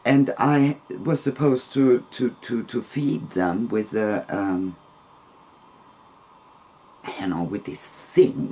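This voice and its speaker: A man telling a long personal story in a casual, rambling, gentle way, with soft laughs between phrases. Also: medium pitch, breathy edge.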